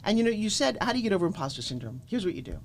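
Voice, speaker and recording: A middle-aged woman from Florida, a guest pitch coach telling motivational stories emphatically and acting out quoted lines. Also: racing, slight background noise. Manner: emphatic, animated, acts out quotes. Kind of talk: energetic motivational storytelling.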